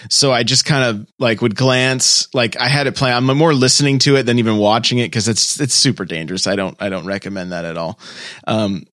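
A man co-hosting a pop culture podcast, rambling through a story with many restarts and trailing off quietly. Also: medium pitch, fairly even intonation, brisk, dry recording, clean studio sound. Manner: rambling, restarts often, drops quiet at phrase ends. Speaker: podcast co-host. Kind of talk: casual chat.

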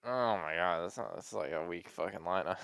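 Young male co-host, low voice, dry close sound, loose and sweary in casual chat. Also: normal speed, creaky, fairly bright tone, clean tone, dry recording. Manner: loose, swears often, trailing filler words. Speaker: podcast co-host.

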